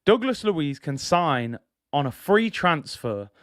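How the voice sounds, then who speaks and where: A man's voice: a little high, sing-song, slow, a bit bright, no echo, clean studio sound. A man hosting a casual football fan livestream, chatty and slangy. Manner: chatty, slangy, laughs at own jokes. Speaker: football channel host.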